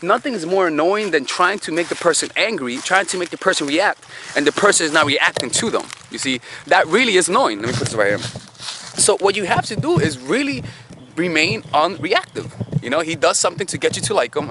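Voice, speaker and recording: A man's voice: fairly high pitch, sing-song, quick pace, background noise. A man giving dating advice in a casual monologue, talking in a conversational way with swearing and lots of rhetorical questions. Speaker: dating coach.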